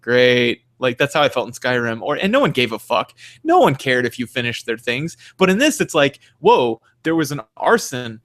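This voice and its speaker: Young male podcast co-host, middle pitch, animated and profane gaming rant. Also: fairly quick. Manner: animated, profane, ranting with mock voices. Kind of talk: casual gaming chat.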